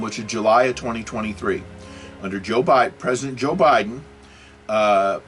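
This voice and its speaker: A man's voice: medium pitch, fairly bright tone. A man hosting his own video, talking off the cuff in a rambling monologue, full of rhetorical questions, fillers and self-corrections. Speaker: video host. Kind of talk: unscripted political and religious monologue.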